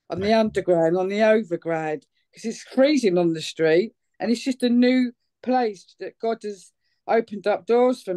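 A woman from England giving a personal testimony at church, telling it in an excitable, chatty way with many fillers. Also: medium pitch.

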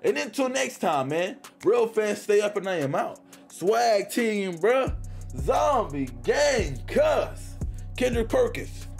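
A man's voice: sits high, very animated, slow pace, creaky, faint music behind. Hyped young man trash-talking over gameplay. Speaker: gaming YouTuber. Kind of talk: casual gameplay commentary.

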